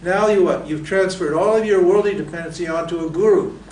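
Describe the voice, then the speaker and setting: A man's voice: high-pitched, brisk, darkish tone, a little hiss or hum. Man teaching in a roomy hall. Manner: asks rhetorical questions and answers them. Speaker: Vedanta teacher. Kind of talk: lecture to students. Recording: roomy echo from a distant mic.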